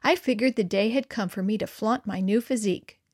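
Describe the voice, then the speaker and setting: A woman narrating a first-person children's story with an expressive, wry delivery. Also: mid-range voice, a little fast.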